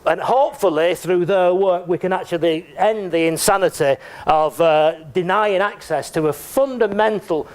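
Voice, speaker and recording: A man's voice: high-pitched, normal speed, few pauses. A man giving a conference talk in a chatty, joking way, often checking in with the audience. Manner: chatty and joking, with frequent tag questions. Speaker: conference speaker. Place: lecture room.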